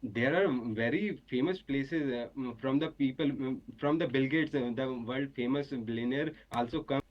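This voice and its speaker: A man's voice: medium pitch, moderate pace, dull audio. Hesitant man with an Indian accent. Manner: hesitant, searching for words, restarts. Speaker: test candidate. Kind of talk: answering speaking-test questions. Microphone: video call.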